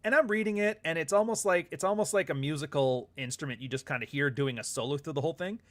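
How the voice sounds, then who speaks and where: A man's voice: fairly high pitch, quick pace, fairly bright tone. A man hosting a casual livestream chat, rambling and profane, reading viewer comments aloud and often laughing. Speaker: author and livestream host.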